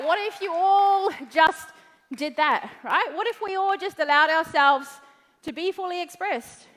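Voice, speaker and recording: A New Zealand woman speaks slowly in a high, bright voice, giving a motivational talk in front of an audience. She is blunt, playful and swears freely. Her voice carries a long reverb from a large event hall. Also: some chatter behind.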